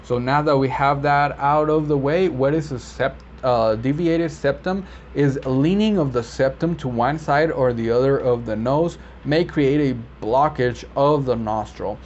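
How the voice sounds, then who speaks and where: A man who works as a medical interpreter, explaining vocabulary in a relaxed, rambling way with many fillers and self-corrections. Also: medium pitch. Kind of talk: casual explainer video. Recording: slightly dull lo-fi audio with faint background noise.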